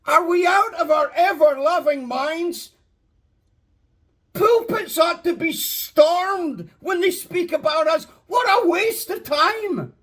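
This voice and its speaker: Preacher, male, very high voice, slow impassioned delivery that swells to shouting. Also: lively intonation. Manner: slow, drawn-out emphasis. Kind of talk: sermon.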